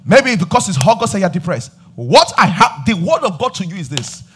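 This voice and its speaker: Nigerian pastor, male, high and bright, shouting sing-song preaching with call-and-response. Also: big pitch swings, brisk, a little hiss or hum. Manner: repeats refrains and calls on the congregation. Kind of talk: sermon. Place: church service.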